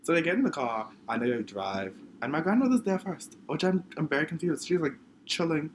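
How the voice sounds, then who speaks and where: Lively young man telling a story. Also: on the high side, fairly quick, background noise. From the Bahamas. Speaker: vlogger. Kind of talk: story time monologue.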